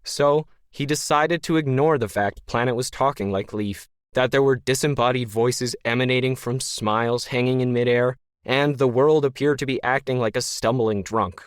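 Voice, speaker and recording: A man narrating a science-fiction story in a wry, deadpan manner. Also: medium pitch, normal speed, few pauses, clear, resonant tone, no echo, clean studio sound. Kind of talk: scripted narration.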